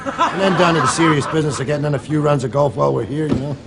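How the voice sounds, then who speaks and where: A man's voice: a little high, racing, vocal fry. An actor playing a brash Glaswegian man back home from Canada, talking in broad slang and laughing. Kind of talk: sketch comedy acting. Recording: noisy TV location sound.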